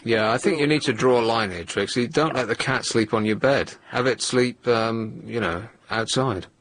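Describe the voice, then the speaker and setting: A man's voice: medium pitch, normal speed, a bit bright. A man hosting a radio phone-in, teasing his callers in a dry, sardonic way. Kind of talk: late-night radio phone-in chat. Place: radio studio. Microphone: studio microphone.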